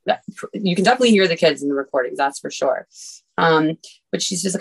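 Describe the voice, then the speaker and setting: A woman lawyer, a guest on a podcast, explaining things in a measured, conversational way. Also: deep voice, vocal fry, slightly rough, poor audio. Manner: measured, explanatory, with frequent "you know" fillers. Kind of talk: casual interview conversation.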